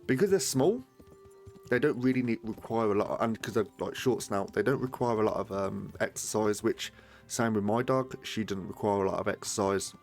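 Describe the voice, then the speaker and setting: A man's voice: on the low side, normal speed, faint music behind. A man streaming a game live, chatting casually in a rambling, sweary way. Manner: rambling, sweary, laughs easily.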